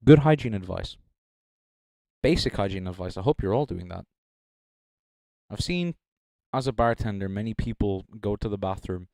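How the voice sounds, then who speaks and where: A man's voice: fairly low pitch, a little mellow, no room sound. A young man giving casual, rambling live-stream commentary as a judge, joking between thoughts and speaking into a handheld mic. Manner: rambling, joking, filler-heavy. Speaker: livestream judge.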